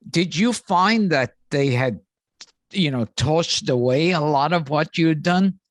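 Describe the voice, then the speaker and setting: A man hosting a podcast, asking halting questions with repeated words in casual chat. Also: fairly high pitch, animated, no room sound, studio quality. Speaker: podcast host.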